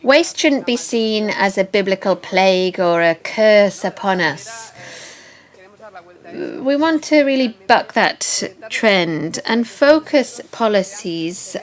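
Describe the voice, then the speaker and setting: A woman giving a conference presentation, speaking in a measured, explanatory way and stressing key words. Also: mid-range voice, expressive. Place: conference hall.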